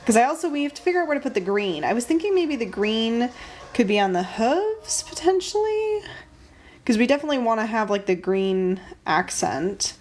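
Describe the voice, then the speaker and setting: A woman's voice: a little high, lively intonation, brisk, a little mellow. A young woman casually chatting on a livestream while she draws, thinking aloud and greeting viewers by name. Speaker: livestream host drawing stickers.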